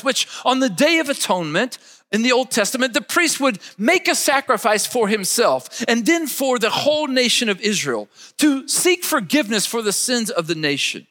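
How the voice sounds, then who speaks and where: High, animated preaching man. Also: long reverb tail. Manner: emphatic preaching, leads listeners in call-and-repeat. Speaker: pastor. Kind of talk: sermon.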